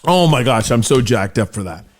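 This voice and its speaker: A man hosting a sports podcast in a hammy, jokey, excitable way, mixing mock-solemn speeches with fast banter. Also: mid-range voice. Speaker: podcast host. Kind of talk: energetic sports podcast monologue.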